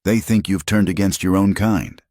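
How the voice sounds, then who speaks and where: A narrator putting on a jittery small-town sheriff, defensive and strained. The voice climbs well above the narrator's own low register, with a dry, close sound. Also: male voice, steady tone, moderate pace, darkish tone, dry recording, close to an everyday voice.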